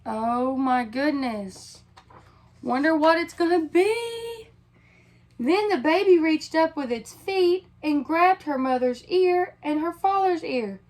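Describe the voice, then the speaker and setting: Slow high-voiced woman reading a picture book. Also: expressive, a little mellow, low-quality recording. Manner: pauses to ask listeners questions. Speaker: teacher reading aloud. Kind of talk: picture book read-aloud.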